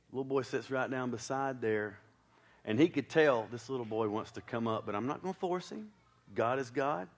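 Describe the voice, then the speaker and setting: A male preacher telling a story from the pulpit in a folksy, conversational way. He tosses joking asides to the congregation between the beats of his story. His voice sits at an ordinary middle pitch for a man.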